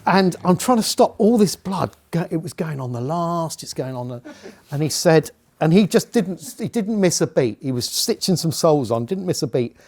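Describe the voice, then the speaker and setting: Lively middle-aged male storyteller. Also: on the high side, moderate pace, few pauses. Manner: lively anecdotal storyteller, often laughing. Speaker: bespoke shoemaker guest. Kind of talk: casual storytelling chat.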